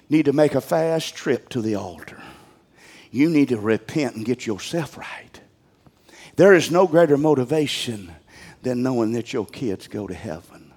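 An older pastor preaches a sermon in a plain-spoken, folksy manner, swinging between loud outbursts and quiet, low passages. His delivery is expressive and a little slow, and his voice slightly rough.

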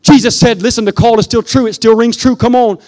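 A male preacher with a notably high voice delivers a fervent sermon. He sinks into hushed, low stretches and then climbs to emphatic peaks. He keeps turning to the congregation with a repeated "listen.". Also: fairly even intonation, a little fast.

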